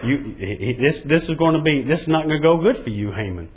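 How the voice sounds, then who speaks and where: A man retelling a Bible story and voicing a worried wife giving a halting warning. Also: on the high side, expressive, lightly acted.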